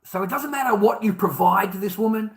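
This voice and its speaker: A man's voice: high-pitched, brisk, vocal fry. A man with an Australian accent, telling a personal story in a profane, emphatic rant that repeats points for emphasis.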